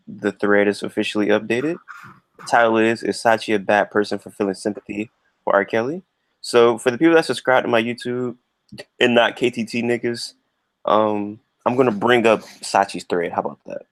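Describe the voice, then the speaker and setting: A man's voice: fairly low pitch, no room sound. A man hosting a livestream in a laid-back, joking, slangy way. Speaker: livestream host. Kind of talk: casual livestream chat.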